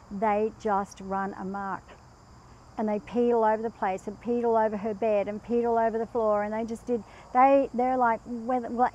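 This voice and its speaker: Lively woman telling pet stories. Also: on the high side, a little hiss or hum, poor audio. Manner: animated storyteller who acts out quotes. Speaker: pet behaviour guest. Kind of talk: casual chat with anecdotes.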